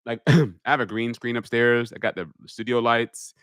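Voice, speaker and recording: A man, an airline pilot, hosting a live question-and-answer stream from his home media room, reading viewer questions aloud and answering them in a deliberate public speaking voice into a studio microphone. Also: medium pitch, fairly even intonation, fairly bright tone, smooth, no room sound. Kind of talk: live Q&A stream, casual chat. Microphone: studio microphone on a holder.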